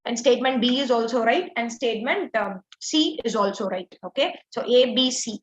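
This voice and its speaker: A woman teacher with a fairly high pitch speaks at a moderate pace while breaking down exam answers step by step, her explanations full of "like" and "uh." The recording is lo-fi, echoey and dull.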